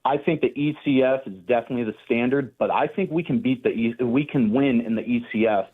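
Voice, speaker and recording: A man's voice: medium pitch, a little fast, slightly rough. A male sports fan calling in to a radio show, talking with rambling passion about his teams. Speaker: caller. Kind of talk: sports radio call-in chat. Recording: tinny phone line.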